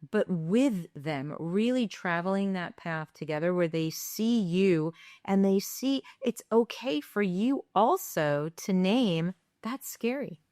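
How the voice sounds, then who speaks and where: A woman's voice: medium pitch, a little mellow, no echo, clean studio sound. A woman co-hosting a parenting podcast, speaking in a thoughtful, affirming way as she sums up her partner's points. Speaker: podcast co-host. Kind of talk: parenting advice chat.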